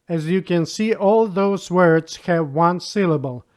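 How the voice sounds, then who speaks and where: Guy teaching a beginner lesson, slightly high voice, talks slow and patient. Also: darkish tone. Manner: patient, spells out rules and repeats example words. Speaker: language teacher. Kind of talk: slow spoken language lesson.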